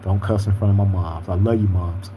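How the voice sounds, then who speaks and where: Male live-stream host, easygoing street talk, warm low tone, light noise underneath. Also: fairly even intonation, brisk, rough recording. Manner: laid-back, streetwise slang, frequent "you feel me". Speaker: podcast host reading viewer comments. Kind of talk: casual live-stream chat.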